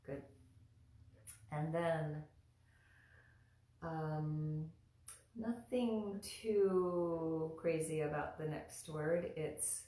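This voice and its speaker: A low-voiced woman leads a live pronunciation lesson, speaking slowly and patiently and repeating each syllable several times. Her voice carries a roomy echo. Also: fairly even intonation, mellow. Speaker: mantra teacher.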